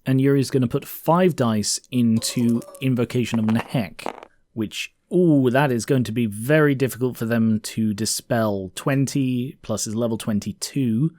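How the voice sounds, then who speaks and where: A man's voice: medium pitch, measured pace, a little mellow. A man casually narrating his own tabletop wargame, thinking aloud with frequent fillers.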